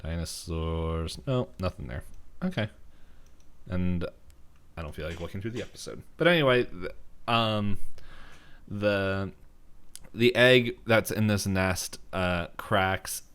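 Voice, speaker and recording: A man's voice: deep voice, slow pace, long pauses, fairly bright tone, clear, resonant tone. A man hosting a podcast, casually recapping a cartoon episode in a rambling way with lots of fillers. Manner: rambling with many fillers and laughs. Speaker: podcast host.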